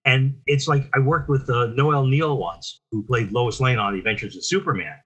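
An older man from New Jersey, a guest telling stories in a casual, animated interview with frequent restarts. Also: mid-range voice, moderate pace, slightly rough.

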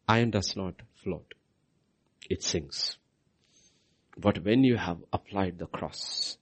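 A man preaching a sermon, swinging from loud proclamations to hushed, near-whispered lines and repeating key phrases for emphasis. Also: fairly low pitch, slightly rough.

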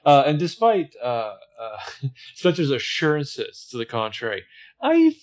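A man with a mid-pitched voice chats loosely, full of ums and jokes. He sounds relaxed and easygoing. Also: a little slow. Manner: laid-back, jokey, lots of fillers. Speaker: podcast co-host. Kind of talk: casual chat.

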